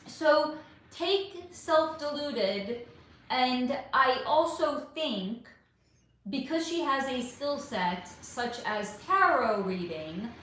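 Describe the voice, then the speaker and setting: A woman hosting a spiritual livestream, chatting animatedly with viewers and answering their comments. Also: a little high. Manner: animated, chatty, swears and exclaims, reads viewer names. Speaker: spiritual reader and livestream host. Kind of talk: casual livestream chat reading comments. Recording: echoey room.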